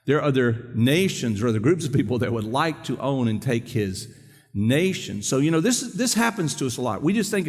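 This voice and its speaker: Man preaching a quick, chatty sermon. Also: medium pitch, sing-song, slightly rough, long reverb tail. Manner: conversational and quick, asks the congregation questions. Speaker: pastor. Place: church sanctuary.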